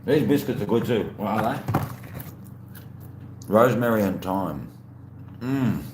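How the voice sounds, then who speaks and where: A man's voice: fairly low pitch, expressive, a little slow, darkish tone. A man with an Australian accent hosting a casual livestream, chatting loosely with viewers and answering their messages while he eats. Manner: laid-back, rambling, answers chat messages aloud. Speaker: livestream host. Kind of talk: casual live chat, greeting viewers while eating. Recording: roomy echo with faint background hum.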